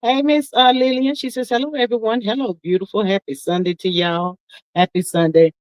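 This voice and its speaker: A woman's voice: fairly high pitch, steady tone, a little mellow, no echo, low-quality recording. Chatty woman livestream host, dry close sound. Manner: sing-song, drawn-out calls of "come on in the room"; Southern-style endearments like "child" and "honey". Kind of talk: casual live-stream chat reading comments.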